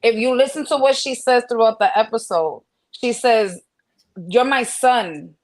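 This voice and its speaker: A woman's voice: on the high side, moderate pace, darkish tone, rough recording. A woman co-hosting a casual podcast chat, frankly explaining her take on things. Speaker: podcast co-host.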